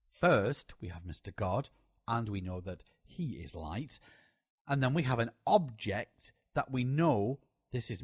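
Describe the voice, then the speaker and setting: Man, memoir reading, very animated melody, dry sound. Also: mid-range voice, no echo. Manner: slow, lively storytelling delivery. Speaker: audiobook reader.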